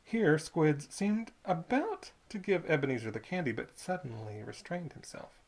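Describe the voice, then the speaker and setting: Lively storybook narrator. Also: medium pitch, husky. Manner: measured, expressive storytelling. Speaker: audiobook reader.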